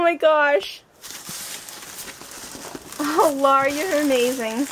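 A woman's voice: high-pitched, measured pace, a little hiss or hum. A woman vlogger opening presents on camera and gushing over each one with repeated exclamations. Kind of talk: casual unboxing chat.

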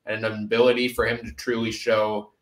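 A man's voice: on the low side, little pitch movement, brisk, fairly bright tone, roomy sound. A man hosting a casual sports podcast, upbeat and full of filler uhs. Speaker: podcast host.

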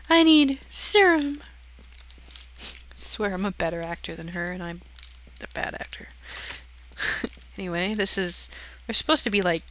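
A woman's voice: on the low side, gravelly, pushed and bright, a little hiss or hum. A young woman giving a casual, giggly, self-deprecating walkthrough of something she built in a game. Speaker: channel host touring her build.

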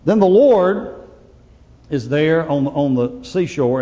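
A male pastor preaching a sermon, swinging from loud proclamation to hushed, intimate asides. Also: fairly high pitch, expressive, a little fast, big-room sound, muffled recording.

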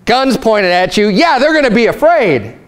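A man preaching a sermon as pastor, reading scripture aloud and explaining it plainly with quick acted asides. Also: high voice, big pitch swings.

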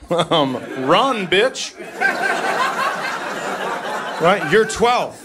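A man's voice: a little high, lively intonation, a little slow, fairly bright tone, slight background noise. A middle-aged man doing a brash, profane, mock-exasperated stand-up comedy set on a comedy club stage. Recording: live club recording with crowd laughter. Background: audience laughter.

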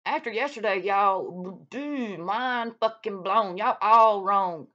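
A woman scolds in a blunt, profane vlog rant. Her voice sits at a middling pitch. The recording is dull and lo-fi. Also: takes it slowly, pushed and bright. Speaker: YouTube vlogger calling out another creator. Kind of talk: heated casual rant. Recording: dull lo-fi sound.

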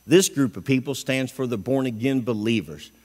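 A man's voice: medium pitch, moderate pace, darkish tone. A man preaching a folksy, emphatic sermon in a church, asking the congregation questions.

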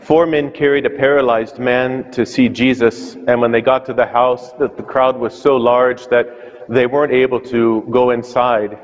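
A man's voice: medium pitch, little pitch movement, a little slow. Man preaching in a reverberant church. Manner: storytelling, asks questions aloud. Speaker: priest. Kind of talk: sermon. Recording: muffled reverberant church sound.

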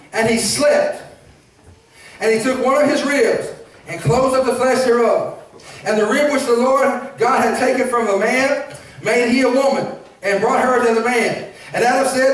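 A man preaching a lively sermon as pastor, shouting, laughing and calling out to the congregation. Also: very high voice, normal speed. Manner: preaching with call-and-response asides. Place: church sanctuary. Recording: very echoey church hall, mic at a distance.

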